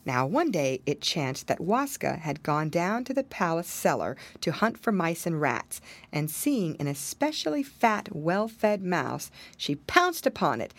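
A woman reading a fairy tale aloud in an expressive, measured storybook style. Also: on the low side. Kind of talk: storybook narration.

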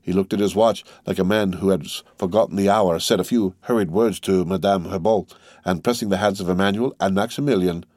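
A man narrating a classic novel as an audiobook, in a steady, measured reading. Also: low voice, dry recording, studio quality.

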